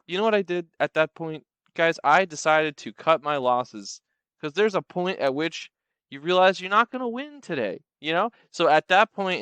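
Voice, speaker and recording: Animated man telling a comedy story. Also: on the high side, no echo. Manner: animated, sarcastic, playful.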